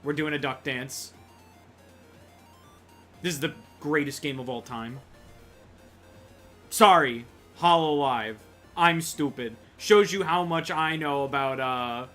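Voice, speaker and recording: A man's voice: on the high side, slow, pauses often, sharp tone, soft background music. A man streaming a video game, chatting with viewers and joking about what he sees. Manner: jokey, chatty, greets chat. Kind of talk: casual gameplay commentary.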